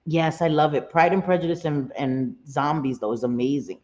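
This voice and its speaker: A woman's voice: deep voice, fairly even intonation, normal speed, darkish tone. A middle-aged woman chatting casually on a live stream, laughing often, cursing freely and answering her viewers directly. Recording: roomy, slightly dull sound.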